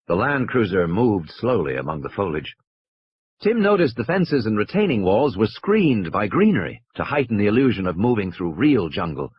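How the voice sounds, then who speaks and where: A man reading an audiobook aloud in a very expressive, swooping way. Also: fairly low pitch, normal speed, slightly rough, no echo. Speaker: audiobook reader. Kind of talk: audiobook narration. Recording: dull lo-fi recording.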